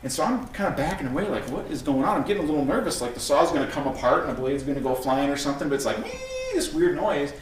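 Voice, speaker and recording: A middle-aged man preaching a sermon as pastor, telling stories in an animated way and acting out the scenes. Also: on the high side, very fast, hardly any pauses. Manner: animated storytelling, acts out scenes. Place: church sanctuary. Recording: echoey room from a distant mic, faint noise.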